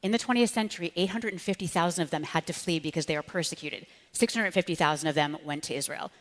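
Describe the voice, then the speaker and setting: A woman's voice: lowish voice, fast talker. Impassioned woman in a reverberant hall. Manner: impassioned, animated, acts out quoted voices. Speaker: author and speechwriter, guest. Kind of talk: live onstage conversation. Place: large hall with live audience.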